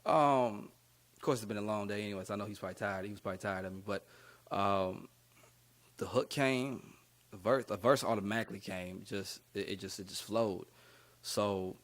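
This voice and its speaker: Young adult male rapper, lowish voice, casual rambling interview storyteller. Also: fairly even intonation, a little fast. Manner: laid-back, slangy, rambling with many fillers. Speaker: rapper guest.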